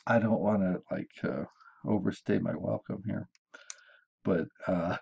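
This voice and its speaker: A man hosting a self-improvement video, telling jokes in a casual, halting way with many fillers and chuckling at his own punchlines. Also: sits low, vocal fry, warm tone, husky, lo-fi sound.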